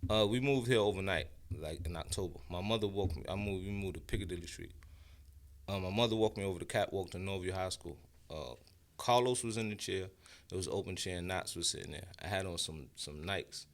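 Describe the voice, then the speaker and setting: New york guy in his 40s, lowish voice, animated slangy storytelling, keeps restarting. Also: brisk. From Brooklyn, New York. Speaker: guest, rapper and producer. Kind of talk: casual storytelling interview.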